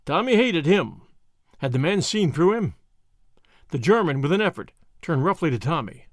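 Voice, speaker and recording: A man reading a novel aloud as narrator, with expressive storytelling on a close studio mic. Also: fairly high pitch, normal speed, no room sound. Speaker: audiobook narrator. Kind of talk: scripted narration.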